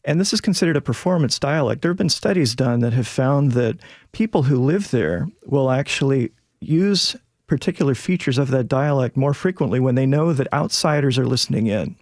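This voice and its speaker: A man who is a sociolinguist, guest on a radio show, explaining in a measured, lecturing way. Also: mid-range voice, animated, a little mellow, no room sound, clean studio sound. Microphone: studio mic.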